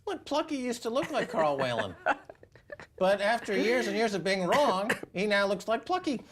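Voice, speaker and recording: A man hosting a show, giving sardonic financial commentary in an animated, mocking way and laughing often. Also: sits high, moderate pace, noisy background. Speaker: show host.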